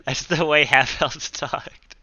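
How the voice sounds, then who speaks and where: A man with a bright, sharp, mid-pitched voice chatting at a tabletop game. He is playful and asks tentative questions. The recording sounds dull and lo-fi. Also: takes it slowly, dry recording. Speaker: player. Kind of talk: casual tabletop game chat. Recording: muffled lo-fi recording.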